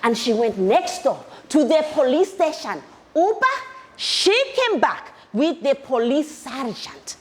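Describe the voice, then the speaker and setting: A woman performing an excitable young South African woman in a theatre monologue, speaking with a South African accent and telling her story in a lively way. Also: high-pitched, slow pace, voice pushed up, full character voice. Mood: excited storytelling.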